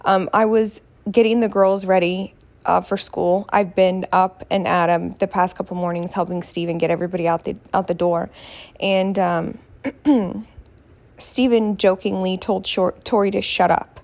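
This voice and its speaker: A woman's voice: mid-range voice, steady tone, moderate pace, darkish tone. A woman, hosting her podcast from home, chatty and self-mocking as she tells stories. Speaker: podcast host. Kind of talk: casual chat. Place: at home, not her usual podcasting room.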